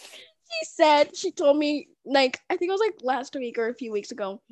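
A woman's voice: high-pitched, sing-song, moderate pace, a little mellow, dry recording. Giggly young woman telling rambling stories. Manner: giggly, rambling, many fillers. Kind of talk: casual storytelling chat.

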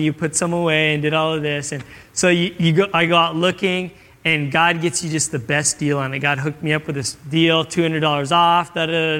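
Young guy pastor, laid-back sermon, slightly high voice, big echoey church hall. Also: fairly bright tone. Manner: casual, conversational storytelling with acted-out quotes.

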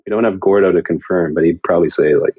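A man from Canada hosting a casual podcast chat, animated and laughing, often dropping into mock voices. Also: sits low, fast, slightly rough, phone-quality sound. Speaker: podcast host.

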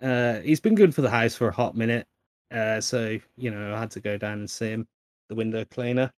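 A man co-hosting a podcast in casual chat, relaxed and swearing freely. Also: on the low side, a little fast, no room sound. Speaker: podcast co-host.

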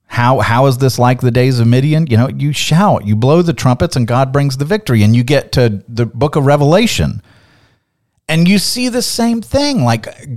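A man in the middle of a Bible lesson on a podcast, speaking at an ordinary mid pitch. He talks emphatically, building up his points and reading scripture aloud with energy. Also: darkish tone. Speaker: podcast co-host teaching the Bible. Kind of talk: animated Bible teaching.

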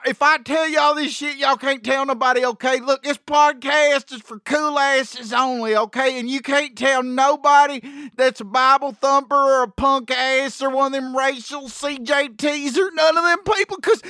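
A piercing, very high voice of a hyper, foul-mouthed grown man, as a man puts him on for a comedy podcast. He yelps, rambles and swears in a bright, pushed tone. The sound is close and dry. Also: steady tone, moderate pace, gravelly, dry recording, full character voice. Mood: excited. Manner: hyper, yelping, rambling and cursing. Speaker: regular character. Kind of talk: comedic character bit.

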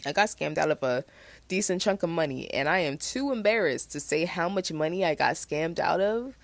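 A young woman hosting her own podcast, talking in a chatty, animated way with quick asides. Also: fairly low pitch, no room sound. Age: young adult. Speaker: podcast host. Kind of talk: casual chat.

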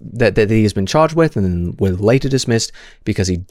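Stuttering young man, low and dark. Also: animated, brisk, dry recording, clean studio sound. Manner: frequent restarts and repeated words, heated. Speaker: streamer. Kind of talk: impassioned stream commentary.

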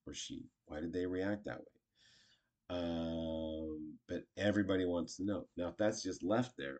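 A man's voice: sits low, unhurried, darkish tone. A man casually teaching improv, chatty and acting out short example lines. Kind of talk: casual instructional talk.

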